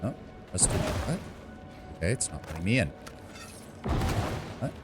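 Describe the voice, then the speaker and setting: A man with a low, animated voice talks at a measured pace while live-streaming a game, rambling casually to himself and his viewers and swearing now and then. Loud game music plays behind him.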